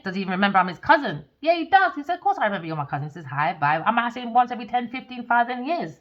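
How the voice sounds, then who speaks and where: Blunt woman ranting, muffled audio. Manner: blunt, swears freely, swings between low mutters and loud excited bursts. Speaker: podcast host. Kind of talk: casual storytelling rant. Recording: muffled lo-fi recording.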